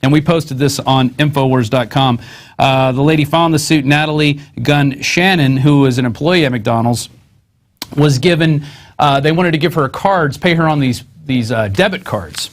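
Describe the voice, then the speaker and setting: A man's voice: fairly high pitch, moderate pace. A man hosting a news show, reading articles aloud and adding sarcastic, conversational asides.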